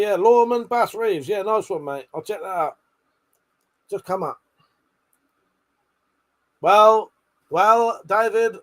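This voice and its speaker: A man's voice: high-pitched, fairly bright tone. A man hosting a late-night livestream, chatting with viewers while he swears a lot, laughs often and bickers. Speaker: livestream host.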